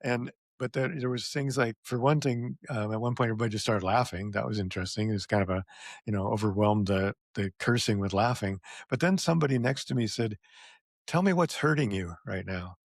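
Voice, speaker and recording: Male podcast co-host, low gravelly voice, earnest rambling delivery, dry close sound. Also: fairly quick, no room sound. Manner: rambling, earnest, laughs often. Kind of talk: casual panel discussion.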